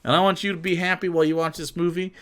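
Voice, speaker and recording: A man streaming, reacting to a clip with profane ranting commentary, laughing often and swinging from mumbles to shouts. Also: high-pitched, little pitch movement, rapid-fire.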